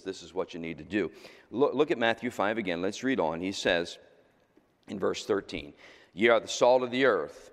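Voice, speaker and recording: A man preaching a sermon as the pastor, talking in a loose, conversational way and jumping from loud exclamations to quiet asides. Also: deep voice. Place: church sanctuary. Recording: reverberant church hall.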